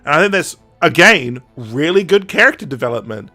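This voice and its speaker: A young man hosting a podcast, retelling a story in a casual, animated way, quoting characters in quick put-on voices and laughing often. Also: a little high, soft background music. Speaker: podcast host. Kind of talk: casual chat recapping a story.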